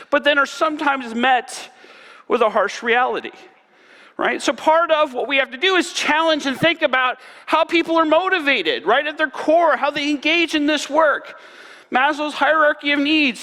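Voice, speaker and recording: A man's voice: very high-pitched, sharp tone. A man giving a university keynote talk at a conference, earnest and often tagging his points with "right?". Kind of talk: keynote presentation. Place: large conference hall. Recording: long hall reverb.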